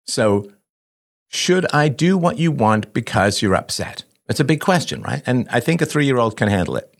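With a sing-song, medium-pitched voice showing vocal fry at normal speed, a man hosting a live call-in show advises a caller on parenting. His manner is conversational, full of rhetorical questions and "right?", and he acts out what parent and child might say.

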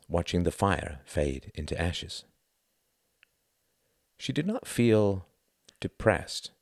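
Deep-voiced man narrating a novel. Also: vocal fry, a little mellow, no echo, studio quality. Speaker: audiobook narrator. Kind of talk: scripted narration.

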